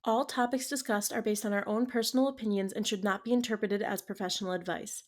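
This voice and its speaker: A woman's voice: mid-range voice, steady tone, fast. A woman co-hosting a casual podcast, giggly and self-deprecating. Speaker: podcast co-host. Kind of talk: casual chat.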